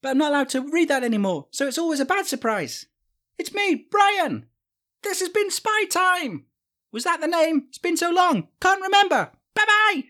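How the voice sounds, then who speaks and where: A woman's voice: very high-pitched, big pitch swings, moderate pace, sharp tone, full character voice. A woman voicing an odd, creepy boy who hosts a spy podcast, rambling and awkward with lots of fillers. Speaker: podcast host.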